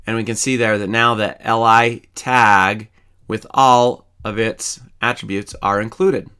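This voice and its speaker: Bright-voiced man explaining code step by step. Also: fairly low pitch, measured pace, clear, resonant tone. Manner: calm, methodical, explains each step while typing. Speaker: programming instructor. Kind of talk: screen-recorded coding tutorial.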